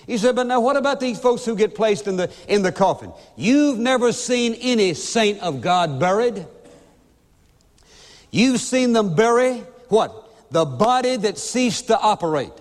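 A man's voice: high voice, lively intonation, a little slow. A man preaching a sermon as a pastor, emphatic and full of rhetorical questions to his listeners. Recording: long reverb of a large hall.

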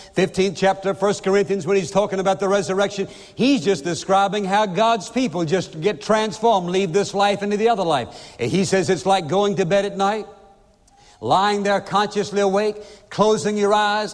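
A man preaching a sermon as a pastor, emphatic and full of rhetorical questions to his listeners. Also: sits high. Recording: long reverb of a large hall.

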